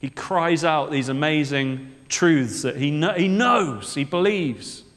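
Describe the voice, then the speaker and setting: A man's voice: on the high side, lively intonation, slow, a bit bright. Man preaching in a reverberant church. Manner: conversational, asks the congregation frequent rhetorical questions. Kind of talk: sermon.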